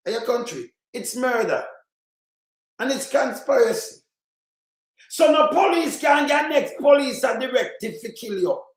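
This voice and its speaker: A man with a Jamaican accent ranting angrily about politics in patois, repeating himself and bursting into shouts. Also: very high voice, lively intonation, moderate pace, roomy sound, poor audio. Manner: heated, repetitive, bursts into shouting. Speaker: commentator. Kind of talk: angry political rant in patois.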